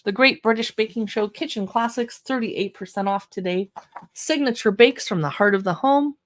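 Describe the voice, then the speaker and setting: A woman's voice: a little high, moderate pace, slight background noise. A chatty woman hosting a casual livestream, leafing through a cookbook and exclaiming over the pictures with self-deprecating asides. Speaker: livestream shopping host.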